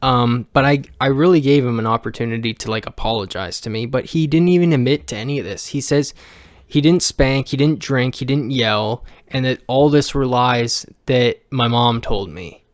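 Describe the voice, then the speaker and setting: Brief: male vlogger, raw profane rant, smooth clear voice, dry close sound. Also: mid-range voice, moderate pace, dry recording. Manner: blunt, heavily profane, emotional venting; rambling with frequent restarts. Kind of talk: personal rant to camera.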